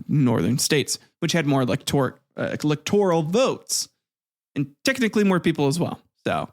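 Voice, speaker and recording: A man's voice: fairly high pitch, vocal fry. A man narrating history with profane, laughing, sarcastic asides. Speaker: host.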